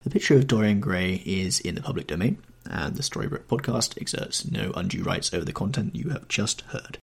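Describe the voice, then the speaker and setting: A male podcast host narrates a classic novel in a measured, expressive way. His low voice is gravelly and husky, and his pitch moves widely through each sentence.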